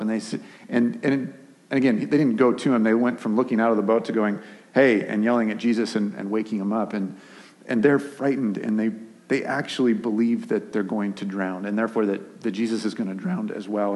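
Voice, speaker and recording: A male pastor delivers a sermon in a loose, conversational way at a middle pitch. He slips into lively asides as he retells the story. The room rings with the long reverb of a large hall. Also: fast talker.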